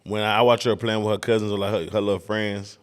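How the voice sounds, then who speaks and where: A man's voice: fairly low pitch, flat delivery, fast talker. A man in his thirties with a Houston accent, a guest on a podcast, telling stories in loose casual talk and acting out his daughter's lines. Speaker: rapper guest. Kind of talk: casual interview chat.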